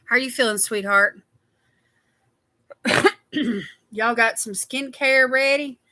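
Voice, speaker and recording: Woman hosting a skincare stream, bright and a touch high, chatty and a bit tired, dry close sound. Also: slow, no room sound. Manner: chatty, greets viewers by name. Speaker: skincare livestream host. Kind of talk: casual livestream chat.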